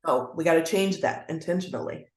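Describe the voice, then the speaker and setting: Speaking briskly in a low voice, a woman appears as a guest educator in a conversational interview, earnest in tone. She occasionally performs the voices of people she quotes, in an echoey, roomy recording.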